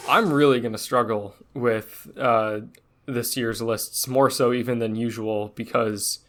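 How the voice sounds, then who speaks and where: A man's voice: medium pitch, steady tone, a little slow, fairly bright tone. A man co-hosting a podcast in casual chat, talking animatedly, defensively, and swearing casually. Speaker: podcast co-host.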